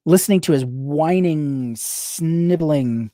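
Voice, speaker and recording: Brief: woman reader, low warm voice, dry close sound, fast and sardonic commentary between passages. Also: dry recording. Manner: rapid-fire reading with sarcastic asides. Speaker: book reader on a livestream. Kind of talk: reading aloud with live commentary.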